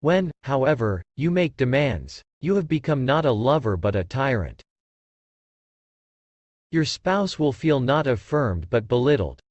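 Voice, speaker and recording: A man giving a scripted narration of a book summary in a calm, measured reading voice. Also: mid-range voice, dry recording, muffled recording.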